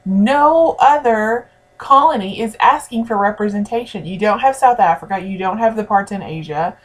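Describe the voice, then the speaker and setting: A woman's voice: medium pitch, normal speed. A woman teaching a history lesson in a conversational way, speaking directly to her students. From United States. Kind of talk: recorded classroom lecture.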